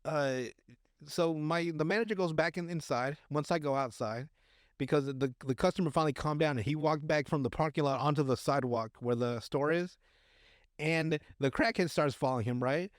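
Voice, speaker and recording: A man's voice: on the high side, normal speed, dry recording, clean studio sound. Rambling, crude-talking man telling stories. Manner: rambling, crude, many fillers and restarts. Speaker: podcast host. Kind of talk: casual storytelling chat.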